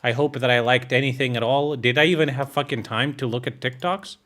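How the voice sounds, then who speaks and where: A man's voice: mid-range voice, a little fast, fairly bright tone. A man from Ukraine streaming live, chatting casually with viewers, cracking jokes, swearing and laughing at himself. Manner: joking, swearing, laughing at his own jokes. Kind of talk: casual live-stream chat reacting to clips.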